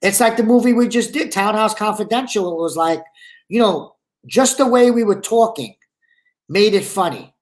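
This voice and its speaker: A man's voice: high voice, moderate pace. A man with a Brooklyn accent, a guest actor and comedian, chatting casually in a live interview over a video call, rambling with lots of "you know" and "like". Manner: rambling and talkative, full of 'you know' and 'like'.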